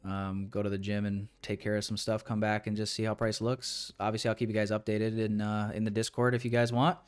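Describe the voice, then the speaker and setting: A young day trader on a live stream chats casually, frustrated and rambling, with frequent restarts and calls of "boys" to his viewers. He has a fairly low, level, clean voice and a brisk delivery.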